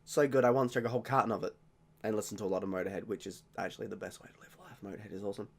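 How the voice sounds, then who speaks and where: An Australian man talking casually in a beer-tasting vlog, rambling, jokey and quick to mock himself. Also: fairly low pitch, fairly even intonation, vocal fry, slight background noise. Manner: rambling, jokey and self-mocking. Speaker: vlogger.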